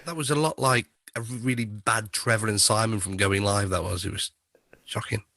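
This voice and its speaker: A man's voice: lowish voice, fairly even intonation, moderate pace, bright, forceful tone. A man co-hosting a comedy podcast, dropping dry, wry remarks. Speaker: podcast co-host. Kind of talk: casual comedy chat.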